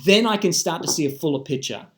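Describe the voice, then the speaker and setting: A man's voice: on the high side, animated, fast. An Australian man in an impassioned monologue to camera, emphatic and swearing casually.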